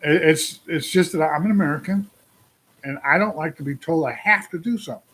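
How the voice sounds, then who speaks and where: Casual rant from a 60-something guy, husky raised voice, venting and asking viewers stuff. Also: fairly high pitch, brisk, fairly bright tone. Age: 60s. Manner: rambling, venting, asks viewers questions. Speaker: trucker livestream host.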